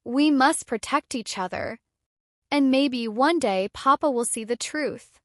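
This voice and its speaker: A woman's voice: high voice, a little slow, fairly bright tone, no room sound, studio quality. A woman voicing a firm, earnest young boy. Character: brave young boy, protective older brother.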